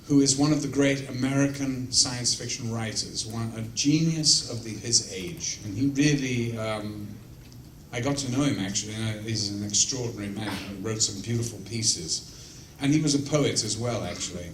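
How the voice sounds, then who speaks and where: A man spins blunt, cheeky stories for a fan crowd, his voice bright and forceful. He sounds a bit away from the mic in a roomy hall, with a faint hiss behind him. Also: mid-range voice, moderate pace. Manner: blunt, profane, self-mocking anecdotes. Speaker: guest actor answering fan questions. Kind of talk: casual storytelling Q&A. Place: large convention room with audience. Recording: roomy echo, mic at a distance, faint noise.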